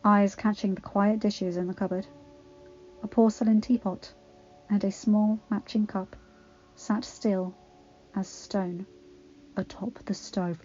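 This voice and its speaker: A woman narrates a story in an expressive, dramatic reading voice of ordinary pitch. The recording sounds a little dull and muffled, like a simple home setup. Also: takes it slowly, long pauses. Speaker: fanfiction reader.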